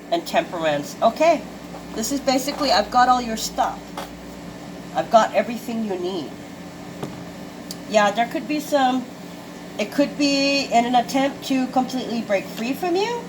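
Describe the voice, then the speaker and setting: A woman's voice: a little high, animated, measured pace, long pauses, background noise. Chatty woman reading tarot cards. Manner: chatty, swears freely, exclaims at the cards. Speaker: tarot card reader. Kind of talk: casual intuitive card reading to viewers.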